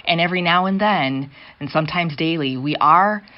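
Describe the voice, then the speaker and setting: A woman hosting a radio interview, speaking in a reflective, measured way. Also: on the low side, a little hiss or hum. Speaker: radio host. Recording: dull muffled sound.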